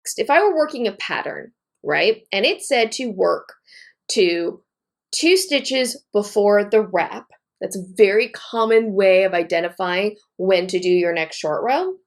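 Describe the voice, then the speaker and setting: Gravelly-voiced woman teaching knitting. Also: medium pitch, animated, measured pace. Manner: methodical, repeats key points, talks while working. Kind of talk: step-by-step tutorial demonstration.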